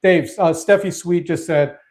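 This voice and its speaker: A man co-hosting a casual live-stream chat, talking excitedly and often restarting his sentences. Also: high voice, measured pace. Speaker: co-host.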